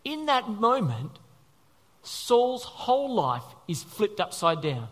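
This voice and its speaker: A male preacher delivering a conversational, animated sermon, often asking the congregation questions. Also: high-pitched, slow. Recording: long reverb of a large hall.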